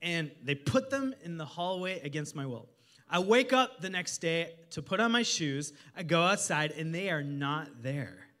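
A man preaching a sermon as a guest pastor, energetic and humorous, joking with the congregation. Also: fairly high pitch, normal speed. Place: church service in a hotel venue.

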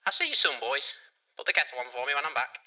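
A man's voice: medium pitch, very animated, fast talker, pushed and bright, highs cut off. A man voicing a flustered, breezy middle-aged aunt who has landed in jail. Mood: cheerfully flustered.

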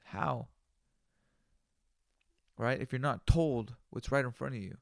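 A man from the United States hosting a solo podcast at home, high on cannabis and ranting in a loose, profane, slangy monologue. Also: steady tone, normal speed, creaky, pauses often, smooth, dry recording, clean studio sound. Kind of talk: casual rambling monologue.

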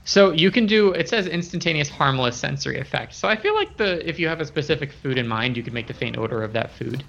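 A man running a tabletop game with a gravelly, fry-edged voice, easing along with many ums and uhs. The recording is dull and lo-fi. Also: a little high, animated, fast, a bit bright. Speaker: game master.

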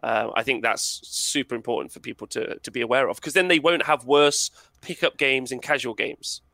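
A man's voice: mid-range voice, moderate pace, vocal fry, pushed and bright, dry recording. A man talking as a podcast guest in casual, emphatic conversation, laughing often. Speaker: podcast guest, wargaming content creator.

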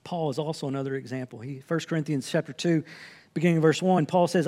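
A man's voice: on the high side, quick pace, mellow. A man preaching a sermon from the pulpit, earnest and conversational, quoting scripture as he teaches. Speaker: pastor.

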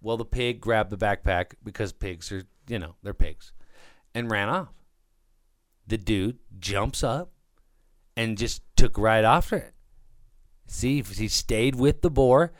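A man's voice: medium pitch, a little slow, no echo, clean studio sound. A man co-hosting a podcast, telling offbeat news stories in a playful, joking way. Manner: playful, jokey storyteller. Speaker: podcast co-host. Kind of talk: casual banter.

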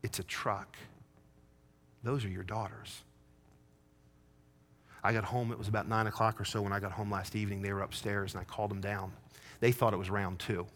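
Bright-voiced preaching man. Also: on the low side, little pitch movement, fast, a little hiss or hum. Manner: swings from hushed confession to rising fervent preaching. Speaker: pastor. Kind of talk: sermon with personal story.

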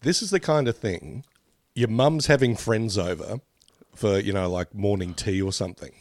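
A man's voice: lowish voice, moderate pace, dry recording, clean studio sound. A man, co-hosting a snack taste test, joking around as he eats. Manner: jokey, playful, talks with mouth full. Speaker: co-host.

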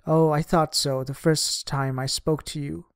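A frank, hard-pressed young cigarette girl from a memoir audiobook, as a male reader voices her. She answers plainly and directly, her voice pitched slightly higher than his narration. The sound is close and dry. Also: level tone, a little slow, smooth, dry recording.

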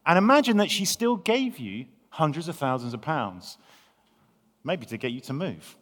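A man preaching a sermon, talking in a lively, conversational way with frequent restarts. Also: on the high side, a little slow. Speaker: pastor. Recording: long hall reverb.

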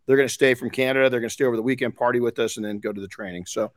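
A man's voice: medium pitch, steady tone, rapid-fire. A man hosting a podcast in casual chat, frank and rambling, swearing casually. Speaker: podcast host.

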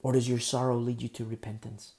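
A male pastor delivers a sermon, and his voice has a gravelly edge with a dark, mellow tone. He drives his points home through runs of emphatic rhetorical questions. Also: medium pitch, little pitch movement, fairly quick.

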